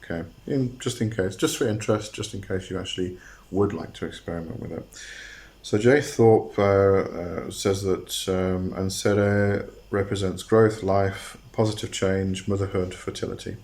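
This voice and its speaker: A man's voice: low voice, steady tone, moderate pace, a little mellow. A man hosting his own channel, explaining a topic in a casual, hesitant way with many fillers and restarts. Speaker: host.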